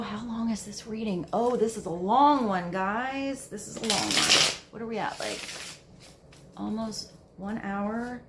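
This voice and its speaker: A woman's voice: medium pitch, reverberant, slight background noise. A woman giving a casual tarot reading, musing aloud in a rambling way with many fillers. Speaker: tarot card reader.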